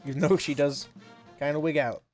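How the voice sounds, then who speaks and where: A man's voice: a little high, steady tone, fairly quick, a little mellow, faint music behind. Rambling man streaming a game. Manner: rambling, self-deprecating, laughs often. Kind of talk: casual live-stream commentary.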